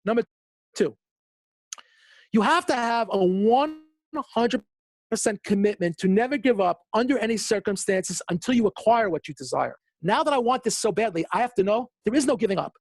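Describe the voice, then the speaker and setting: Animated, emphatic motivational speaker man. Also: normal speed, no echo. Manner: animated storytelling, acting out quotes with big pitch jumps; repeats words for emphasis. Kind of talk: motivational webinar talk.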